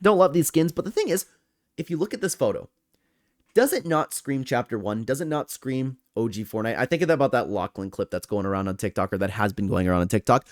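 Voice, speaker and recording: A man's voice: mid-range voice, brisk, dry recording, clean studio sound. Chatty young man ranking game screens. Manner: enthusiastic, chatty, addresses viewers as guys. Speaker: gaming commentator. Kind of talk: casual tier-list commentary.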